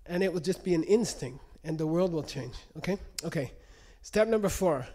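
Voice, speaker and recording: Male speaker, slightly raised pitch, teaching a room casually. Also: animated, moderate pace, warm tone. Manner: conversational teaching, frequent "okay?" check-ins. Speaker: lecturer. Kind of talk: live lecture to an audience. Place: lecture room.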